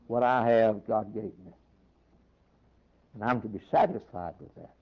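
A man's voice: on the low side, animated, slow pace, pauses often, warm tone. A man preaching a sermon, reading scripture aloud and then driving points home in short emphatic phrases. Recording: dull lo-fi recording.

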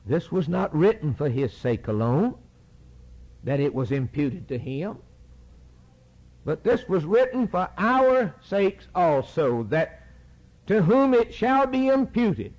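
A man's voice: sits high, sing-song, takes it slowly, darkish tone, low-quality recording. A man preaching a sermon, reading scripture aloud and driving points home through repeated phrases.

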